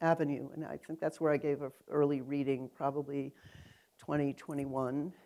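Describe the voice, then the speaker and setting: An older woman with a low voice, speaking as a guest poet at an onstage conversation. She rambles and digresses easily, drifting from one thought to the next and laughing often as she talks. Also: level tone, moderate pace, dark tone. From New York City. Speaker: interviewed poet.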